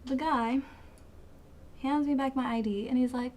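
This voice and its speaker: A woman's voice: high-pitched, fairly even intonation, normal speed, long pauses, a little mellow, slight background noise. A woman in her twenties telling a rambling, profane story in a dramatic, casual storytime way. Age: 20s. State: sweating, hot. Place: hot room.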